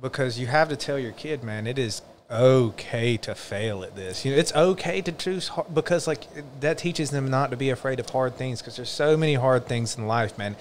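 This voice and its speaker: Male podcast host, reflective and earnest, casual chat, faint background noise. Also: medium pitch. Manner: reflective, earnest, drawn-out musing.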